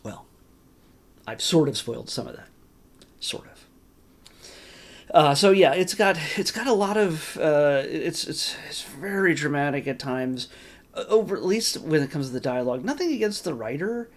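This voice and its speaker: A man's voice: fairly high pitch, expressive, moderate pace. A man casually reviewing a movie for his channel, rambling with lots of fillers, restarts and caveats. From California. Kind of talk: casual spoken film review.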